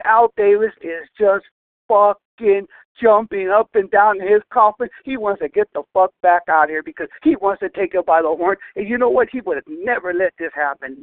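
A man's voice: high voice, no echo. A man calling in to a fan show, ranting and cursing in frustration. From Southern California. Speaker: caller. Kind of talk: angry voicemail rant. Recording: tinny phone line, dry.

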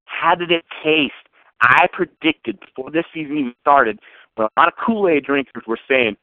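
A man's voice: a little high, normal speed, no echo. A man calling in to a show, ranting sarcastically and emphatically as a sports fan. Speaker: caller. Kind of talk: fan call-in rant. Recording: tinny phone line.

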